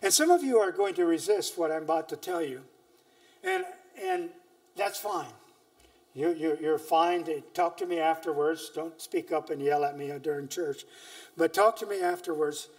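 A man's voice: fairly high pitch, lively intonation, moderate pace, far from the mic. A man preaching a sermon in church, reading scripture emphatically between hesitant, searching remarks.

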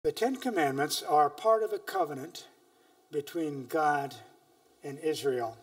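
Male preacher, slightly high voice, earnest and emphatic, picked up from off-mic in a church. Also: unhurried, recorded from a distance. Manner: earnest, emphatic scripture reading with frequent hesitations. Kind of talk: sermon.

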